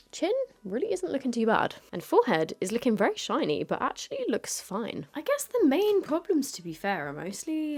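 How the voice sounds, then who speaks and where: Young woman, chatty beauty vlogger, gravelly voice, slips into whispers. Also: on the high side, very animated, a little fast. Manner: chatty, rambling, drops into whispers when showing close-ups. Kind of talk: casual vlog chat. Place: at home, in front of lights. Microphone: clip-on mic on the wrong setting.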